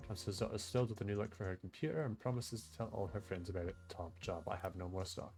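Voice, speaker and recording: Relaxed male streamer reading game text. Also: fairly low pitch, fast talker, faint music behind. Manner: relaxed, chatty, often trailing off. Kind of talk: casual gaming stream commentary, reading game text aloud.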